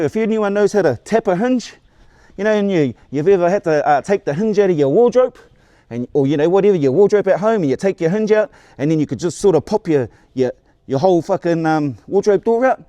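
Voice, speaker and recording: Rambling, mellow New man in his forties. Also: high voice, animated, a little fast, no echo. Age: 40s. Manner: rambling, repeats and restarts words, swears freely. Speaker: vlogger. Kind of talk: casual storytelling to camera.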